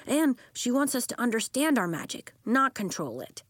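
A woman voicing a worried young boy in a storybook, with a thoughtful, measured and somewhat glum delivery. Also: a little high, sing-song, dry recording, studio quality, voice pushed up. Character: worried young boy with fire and ice powers.

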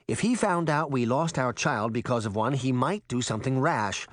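A man doing a calm, careful mother. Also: medium pitch, normal speed, dry recording, studio quality, natural voice. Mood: serious. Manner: calm, reassuring.

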